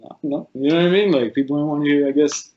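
A man's voice: on the high side, racing, echoey room, lo-fi sound, crowd noise. A man who coaches fighters, telling a long story in casual, profane, rambling chat and acting out what people said. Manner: rambling, profane, animated storytelling with quoted voices.

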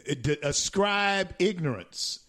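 A man with a Southern US accent hosting a political talk show, speaking haltingly with many restarts. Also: high-pitched, lively intonation, fairly bright tone.

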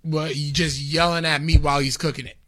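A man co-hosting a casual chat, upbeat and quick to chime in. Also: a little high, level tone, a bit bright, no echo, studio quality. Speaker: podcast co-host.

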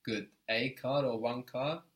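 A man's voice: medium pitch, fairly even intonation, a little slow. A man teaching a spoken language lesson, patiently explaining step by step and encouraging his student.

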